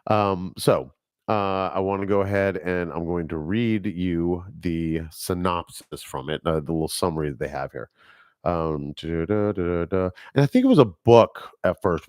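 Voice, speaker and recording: A man with a fairly low voice talks alone into a microphone, drifting from one tangent to the next and chuckling at himself. The sound is dry and close, with no room around it. It is a casual solo podcast chat about movies. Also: dry recording. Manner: rambling, chatty, laughs at his own tangents. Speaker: podcast host. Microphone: speaking into a microphone.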